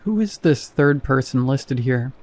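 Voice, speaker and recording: A man's voice: mid-range voice, lively intonation, unhurried, natural voice. A man reading the lines of a curious adult woman, the narrator's sister, in plain, practical questions.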